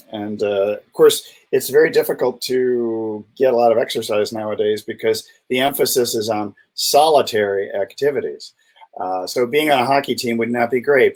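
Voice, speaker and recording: A man co-hosting a casual live health chat over a video call, playful and teasing. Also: low-quality recording. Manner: playful, teasing, jumps high in pitch when joking. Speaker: co-host, doctor.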